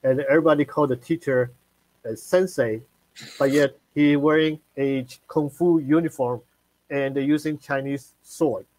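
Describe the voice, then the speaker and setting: Halting male live-stream host, dry sound. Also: mid-range voice, fairly even intonation, a little mellow, no room sound, poor audio. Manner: halting, many fillers and restarts.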